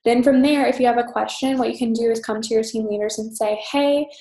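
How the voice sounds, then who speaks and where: A young woman team leader giving a fast, chatty, upbeat orientation talk full of "um" and "you guys". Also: a little high, fairly even intonation, mellow. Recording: echoey room.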